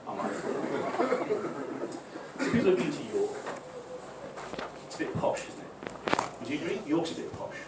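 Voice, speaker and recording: A young man from Newcastle with a mild Geordie accent doing his first stand-up set, chatty, sweary and teasing the crowd. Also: medium pitch. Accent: mild Geordie, mostly softened. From Newcastle, England. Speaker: stand-up comedian. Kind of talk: stand-up comedy. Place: small club function room with audience. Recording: far-off, echoey room, noisy crowd.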